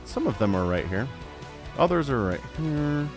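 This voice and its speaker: Male solo esports caster, chatty and rambling, lively voice with faint music underneath. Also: medium pitch, moderate pace. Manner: chatty, rambling asides, easily excited. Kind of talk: solo game commentary.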